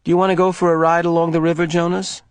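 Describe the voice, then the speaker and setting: A man's voice: extremely high pitch, very animated, moderate pace, husky, no room sound, pitched above the performer's own voice, exaggerated voice. A man reading aloud and voicing a nervous, kindly young girl who speaks hesitantly.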